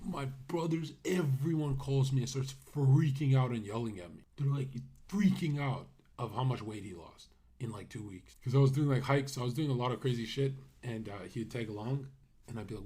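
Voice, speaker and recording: Young man, husky voice, brash profane livestream talk, laughs a lot. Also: mid-range voice, darkish tone. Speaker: streamer and host. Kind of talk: casual livestream commentary.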